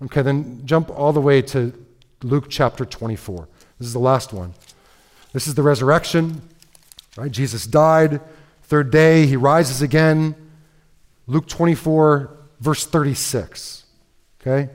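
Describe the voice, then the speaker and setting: A man preaching a sermon in a lively, conversational way, reading scripture and breaking into casual asides with frequent "right?" and "okay?". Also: medium pitch, a little slow, pauses often. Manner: reads scripture aloud, then comments in asides. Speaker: pastor.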